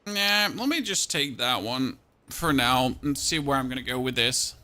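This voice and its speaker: Young man, game streamer, bright and pushy tone, chatty think-aloud delivery. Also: medium pitch, expressive, moderate pace. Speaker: gaming streamer. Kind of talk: live-stream gameplay commentary.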